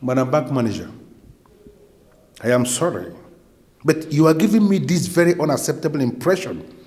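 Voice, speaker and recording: A man's voice: fairly high pitch, lively intonation, normal speed, darkish tone, natural voice. A man with a Nigerian English accent playing a stern police officer who interrogates a witness in formal, threatening tones.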